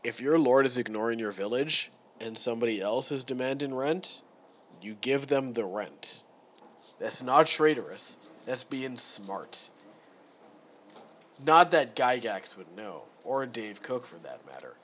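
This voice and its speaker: A man's voice: mid-range voice, lively intonation, unhurried, fairly bright tone, dull audio. Exasperated man ranting on a live stream. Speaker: streamer reading a module. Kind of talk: live read-through with commentary.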